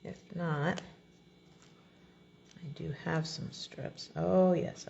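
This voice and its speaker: A woman with a low, gravelly voice talks slowly through a card-making tutorial, explaining each step as she goes. She speaks in a relaxed, chatty way. The recording is a little dull, with a faint hiss behind her. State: has the hiccups. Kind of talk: crafting tutorial.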